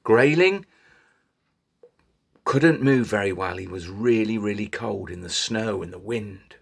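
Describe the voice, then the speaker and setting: A man telling a children's story in an animated way, inviting little listeners to join in. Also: on the low side, measured pace, gravelly, slightly rough. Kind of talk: interactive children's story reading.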